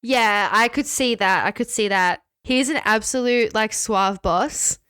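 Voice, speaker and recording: Woman podcast co-host, giggly and animated, slowish pace, slightly high voice, dry studio mic. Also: very noisy. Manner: giggly, animated, drawn-out phrasing. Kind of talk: casual chat.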